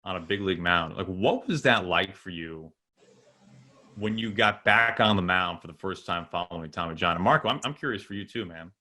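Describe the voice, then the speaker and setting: A man's voice: sits low, brisk, bright, forceful tone. A man hosting, asking conversational questions with a few restarts. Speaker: broadcaster host. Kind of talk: interview questions.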